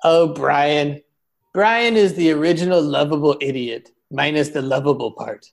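Man, roast podcast host, mock insults, loud jabs, quiet asides. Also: normal speed, creaky. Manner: mock-insulting, swinging between booming and muttered asides. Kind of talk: comedic roast banter.

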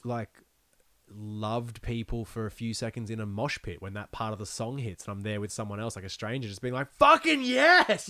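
Young adult man, casual guest chat, swinging lively pitch, laughing and swearing, dry close sound. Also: dry recording. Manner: laughing, rambling, swears often. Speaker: podcast guest.

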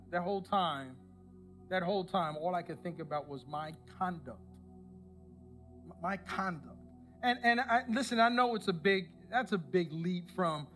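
High-voiced pastor telling a funny story. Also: male voice. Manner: animated, self-mocking storyteller who acts out the people he quotes. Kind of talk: sermon with personal storytelling.

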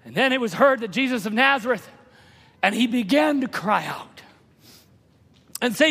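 High-voiced shouting preacher in a reverberant hall. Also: male voice, lively intonation, normal speed, pauses often, slightly rough. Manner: impassioned, swings from hushed to shouting. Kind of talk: sermon. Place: church sanctuary.

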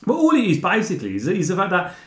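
A man talks through a film in a lively, high voice. His pitch jumps about as he acts out moments and laughs along. The room around him is echoey. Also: racing. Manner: animated, acts out scenes with laughing. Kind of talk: casual film chat.

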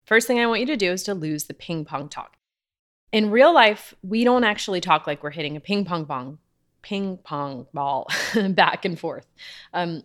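A woman's voice: on the low side, a bit bright. A woman podcast host and writing coach giving casual, upbeat tips, often laughing at herself. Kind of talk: casual teaching talk.

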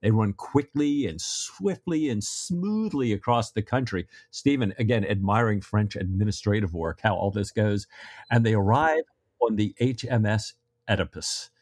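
A man's voice: lowish voice, expressive, normal speed, darkish tone, no room sound, studio quality. A man co-hosting a casual book discussion podcast, loosely retelling scenes with stammering restarts. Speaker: podcast co-host.

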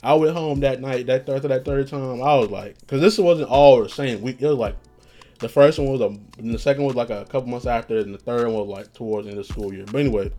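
A man's voice: mid-range voice, fast, warm tone, soft background music. Male podcast host, mid-range voice, loose and profane storyteller who rambles and laughs at his own bits. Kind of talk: casual storytelling.

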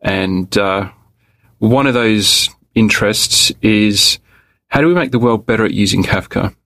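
Gravelly low-voiced male podcast guest. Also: measured pace, fairly bright tone, dry recording. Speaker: interview guest. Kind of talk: podcast interview.

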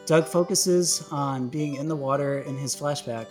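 A man's voice: fairly high pitch, unhurried, faint music behind. A man hosting a podcast, narrating a comic fan story in a playful, laughing, casual way.

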